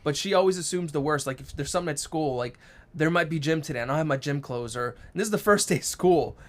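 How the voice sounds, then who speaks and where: Fast-talking man telling a family story. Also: on the high side. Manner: storytelling, acts out quotes, brisk. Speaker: co-host. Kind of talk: casual live-stream chat.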